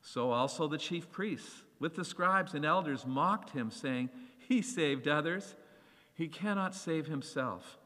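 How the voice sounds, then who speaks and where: A male preacher delivers an animated sermon, giving scripture voices as he reads. His voice is bright and a little high. It rings with a long reverb, as in a large hall. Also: measured pace.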